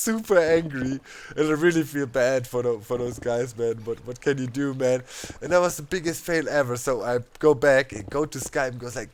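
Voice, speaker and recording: Animated gamer man. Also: mid-range voice, a little hiss or hum. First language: German. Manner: animated, laughing, heavy on fillers like "you know, man". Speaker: let's play host. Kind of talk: casual storytelling over gameplay.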